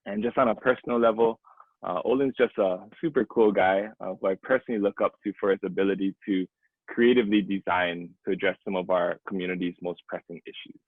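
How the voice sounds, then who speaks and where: A man's voice: low voice, steady tone, fairly quick, husky, dry recording, narrow, tinny audio. A man, hosting a webinar and reading a gracious, earnest introduction. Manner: earnest, gracious, a few fillers. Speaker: webinar host. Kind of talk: scripted introduction. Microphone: video call.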